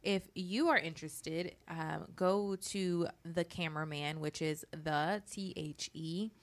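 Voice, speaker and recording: A woman's voice: low-pitched, takes it slowly. A woman co-hosting a chat show who reads a sponsor segment in a polished announcer tone. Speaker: co-host.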